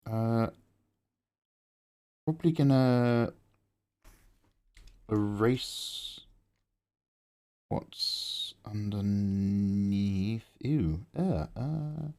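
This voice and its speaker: A man chatting casually to viewers on a live stream while drawing. He gets excited easily and swears freely, speaking into a close microphone. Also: on the low side, extremely slow, pauses often.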